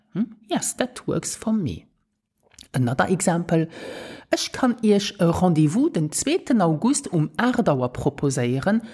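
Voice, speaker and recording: Lady teaching on a language podcast, slow careful drills, kinda breathy, lowish voice. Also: a little mellow. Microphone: podcast microphone.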